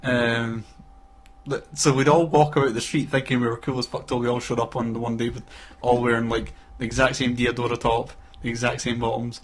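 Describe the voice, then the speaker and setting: A man's voice: medium pitch, flat delivery, brisk. Man chatting loosely, often laughing. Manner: laughing, acts out quoted voices. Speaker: podcast co-host. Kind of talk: casual chat.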